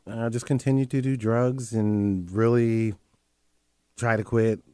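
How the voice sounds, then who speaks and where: A man's voice: mid-range voice, little pitch movement, slow, mellow, clean tone, no room sound, studio quality. A man, a guest on a talk show, candidly telling his life story and often repeating his phrases. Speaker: interview guest.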